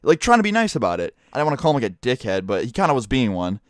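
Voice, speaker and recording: Fast-talking, swearing teenage boy. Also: mid-range voice, big pitch swings, no room sound, clean studio sound. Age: teens. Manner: rambling, profane, lots of "like". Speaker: storyteller. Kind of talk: casual storytime.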